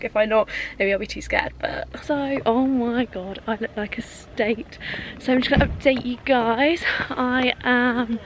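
A young woman with a slightly high voice rambles excitedly to a handheld camera, peppering her talk with "like" and "literally". Her audio is noisy, with steady ambient sound behind her, as she moves between outdoors and cramped student rooms. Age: young adult. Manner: chatty, excitable, full of "like" and "literally". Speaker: vlogger. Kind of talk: casual vlog chat to camera.

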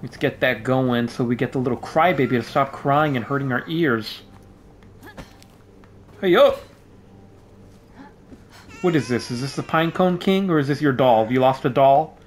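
A gaming YouTuber with a mid-range voice jokes around playfully while playing a game at home, yelping whenever something startles him. It's casual let's-play commentary recorded on a desk microphone in a room at home, with a little hiss or hum.

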